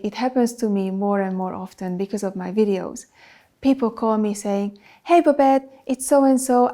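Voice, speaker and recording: A non-native English speaker who produces videos for clients hosts her own channel, giving business advice to camera. She talks emphatically in a medium pitch, listing points in a steady rhythm.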